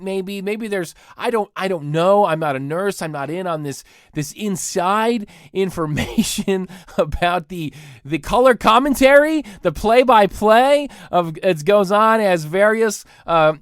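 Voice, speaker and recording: A man's voice: high voice, clear, resonant tone, no room sound, clean studio sound. A man in his thirties hosting a podcast, ranting comically and laughing mid-sentence. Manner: animated, laughs mid-sentence, mocks others in put-on voices. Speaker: podcast host. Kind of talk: comedic solo rant.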